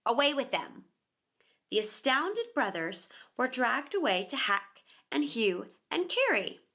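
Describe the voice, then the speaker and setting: A woman narrating a children's book aloud with expressive, animated storytelling. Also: on the high side, measured pace, creaky. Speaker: storyteller, actor and teacher.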